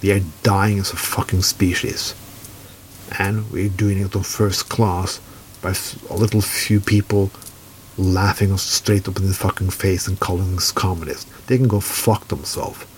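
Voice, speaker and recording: Angry, swearing Norwegian man, low voice. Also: level tone, unhurried, a little hiss or hum. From Norway. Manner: heavy swearing, furious and blunt. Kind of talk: angry political rant.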